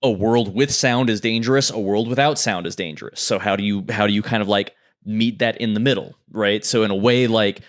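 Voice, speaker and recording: A man's voice: lowish voice, brisk, few pauses. A man co-hosting a podcast in casual chat, thinking aloud in a meandering way with lots of fillers. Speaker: podcast co-host.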